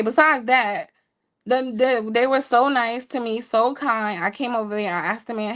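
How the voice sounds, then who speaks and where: A woman co-hosting a show, telling a story in a casual, playful way with laughing asides to listeners. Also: normal speed. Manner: animated, jumps high when quoting people. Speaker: podcast co-host telling a story.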